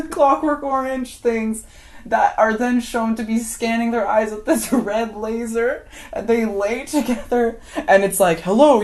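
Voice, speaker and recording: A woman's voice: on the high side, a little mellow. A woman giving an unscripted, rambling movie recap, often laughing as she acts out scenes. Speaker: film commentator.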